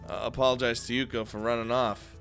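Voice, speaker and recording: A man reading a visual novel aloud with excitable, swearing commentary, often breaking off mid-sentence. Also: mid-range voice, fairly quick, faint music behind. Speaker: video game let's player.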